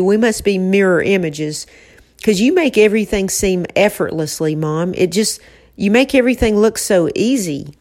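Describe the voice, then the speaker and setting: A woman's voice: medium pitch, a little mellow. A woman co-hosting a podcast from an office, chatting with her mother in an affectionate, emotional way and teasing her now and then. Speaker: podcast co-host. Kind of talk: casual heartfelt chat.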